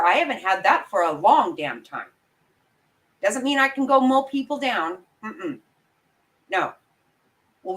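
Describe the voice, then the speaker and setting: A woman's voice: a little high, a bit bright, rough recording. A woman giving heated, profane commentary on a livestream, ranting and talking straight to her viewers. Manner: angry, profane, emphatic ranting; talks to viewers and apologizes for the outbursts. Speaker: true crime commentator.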